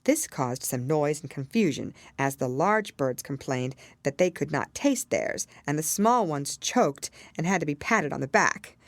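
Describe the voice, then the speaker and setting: A woman reading a classic children's story aloud as narrator, expressive and measured. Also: low-pitched, dry recording. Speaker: audiobook narrator.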